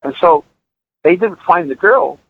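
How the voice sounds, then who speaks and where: A man's voice: high-pitched, lively intonation, unhurried, creaky, husky. Middle-aged man on a tinny line. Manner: emphatic, repeats words as he builds his point. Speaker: guest musician. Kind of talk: earnest storytelling in conversation.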